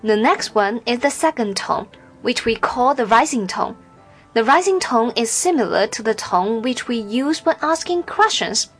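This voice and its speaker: Woman language teacher, high voice, slow careful drills, soft music behind. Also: expressive, slightly rough. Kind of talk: scripted language lesson.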